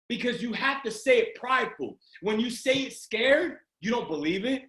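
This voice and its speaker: A man giving an energetic motivational pep talk to a sales team over a video call, often shouting and urging listeners on. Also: very high voice, moderate pace. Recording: roomy video call audio.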